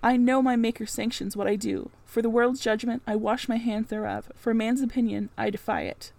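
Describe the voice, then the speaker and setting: A woman voicing an earnest, passionate Victorian gentleman pleading his love in an audiobook reading. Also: fairly high pitch, steady tone, moderate pace, gravelly, no room sound, low-quality recording. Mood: impassioned.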